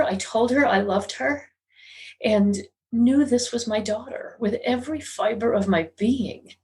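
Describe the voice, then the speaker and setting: A psychic medium in middle age speaks as a guest on an interview podcast, telling a personal story. With an ordinary-pitched voice, she's earnest and confessional, and a steady emotional undercurrent runs through her delivery.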